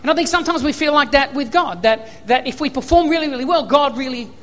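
A man's voice: extremely high pitch, quick pace, a bit bright, in a large hall. An Australian man preaching a sermon, telling personal stories and acting out remembered dialogue. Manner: storytelling, acts out remembered dialogue.

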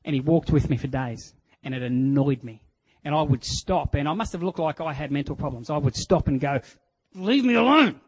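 A man with an Australian accent sharing a candid personal testimony in a sermon, telling it in an earnest, halting way. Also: mid-range voice, steady tone, darkish tone, breathy edge, no room sound, low-quality recording.

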